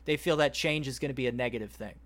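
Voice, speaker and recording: A man on a podcast, retelling a story at length in a rambling, animated way and quoting the characters as he goes. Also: medium pitch, fast. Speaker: podcast host. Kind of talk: casual podcast chat, retelling a plot.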